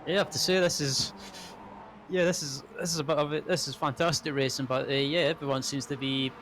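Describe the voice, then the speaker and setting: A man giving color commentary on a sim race in a casual, halting way with many fillers. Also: on the high side, steady tone, fairly bright tone, slight background noise.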